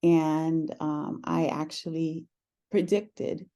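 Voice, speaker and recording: A woman talking through a personal story in conversation, earnest and reflective, often pausing with "um". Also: sits low, steady tone, dark tone. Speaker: podcast host sharing her story as guest.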